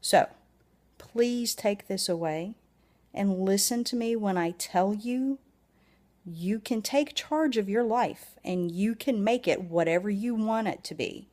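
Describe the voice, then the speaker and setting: A woman's voice: mid-range voice, measured pace, darkish tone. A woman with a Southern US accent giving a blunt, emphatic motivational talk to camera, swearing freely. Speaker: vlogger.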